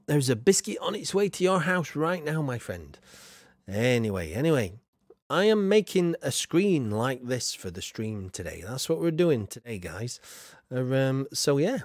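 Here a man with a medium-pitched, sing-song voice streams a building game at a normal speed. He rambles casually to his viewers, full of fillers and asides that trail off, and the studio-quality audio has no echo.

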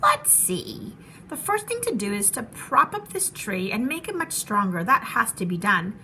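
A woman doing a gentle, faithful elephant. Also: fairly high pitch, sing-song, moderate pace, slight background noise, exaggerated voice. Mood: earnest.

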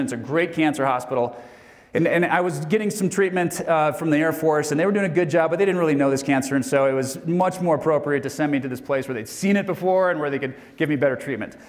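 A man in his forties giving a personal, earnest keynote talk. He moves between hushed, quiet moments and energetic bursts. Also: on the high side. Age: 40s. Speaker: motivational keynote speaker. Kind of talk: personal storytelling speech. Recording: reverberant hall sound.

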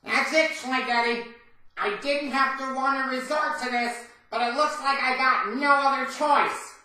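A man's voice: very high-pitched, unhurried, bright, forceful tone, heavily acted. A man doing a swaggering fired employee making threats. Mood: threatening. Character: cocky fired male employee holding a cat hostage. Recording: roomy, echoey, distant from the mic.

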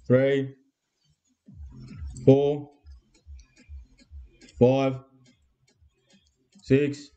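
A man's voice: mid-range voice, mellow, dull audio. An Australian man hosting a live card break, with crude, laddish banter and constant swearing.

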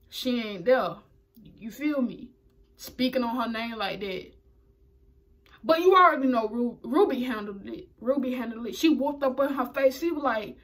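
High-voiced woman in a slangy recap. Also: a bit bright. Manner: slangy, chatty, quick to laugh. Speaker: wrestling show reviewer. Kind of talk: casual video recap.

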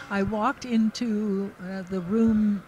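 A woman's voice: medium pitch, fairly even intonation, drawn-out words, darkish tone, a little hiss or hum, low-quality recording. Older woman telling chatty stories. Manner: chatty, laughs often, restarts sentences. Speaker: interview guest, actress. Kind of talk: casual anecdotal storytelling. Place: convention floor.

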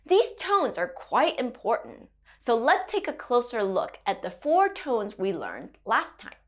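A woman's voice: fairly high pitch, huge pitch swings, measured pace. A woman teaching a children's language lesson, playful and sing-song, a mother drawing out her tones.

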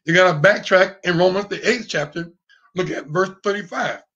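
A man's voice: high-pitched, normal speed, a bit bright, muffled recording. A man preaching an online sermon, fiery, with call and response and sudden whoops. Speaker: pastor.

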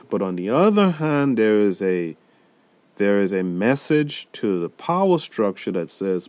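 A man hosting a solo podcast, talking through a film in an emphatic, deliberate way and speaking straight to his listeners. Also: medium pitch, warm tone, no room sound. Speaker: podcast host reviewing a film.

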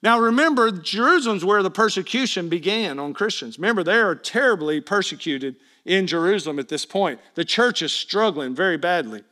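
A male pastor preaching a sermon, telling the story with lively energy and acting out the people in it. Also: high-pitched, fairly quick, few pauses. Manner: animated storytelling preacher, acts out quoted voices.

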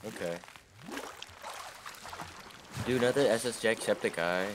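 Easygoing young guy gamer, halting chatter, faint hiss. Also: fairly low pitch. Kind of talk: casual gaming chat.

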